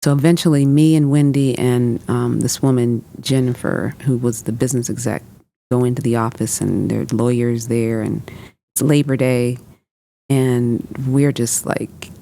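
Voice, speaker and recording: A woman's voice: extremely low pitch, fairly even intonation, moderate pace, gravelly, mellow, a little hiss or hum. A woman in her fifties, a podcast guest, recounting past events in conversation with lots of reported dialogue and filler words. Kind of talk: personal storytelling in conversation.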